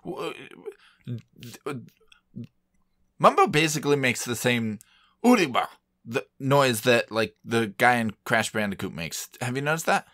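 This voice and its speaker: A man's voice: medium pitch, lively intonation, a little slow, pushed and bright, no room sound, studio quality. A man co-hosting a video game podcast, chatting casually in an easygoing, joking way. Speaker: podcast co-host. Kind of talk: casual chat.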